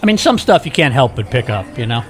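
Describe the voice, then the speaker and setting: Man vlogging outdoors, chatty walk-and-talk, medium-pitched voice, clear street noise behind. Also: big pitch swings, fast talker. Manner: chatty, talks to viewers while walking. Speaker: walking tour vlogger. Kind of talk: casual walking vlog. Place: busy city street outdoors. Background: city street ambience.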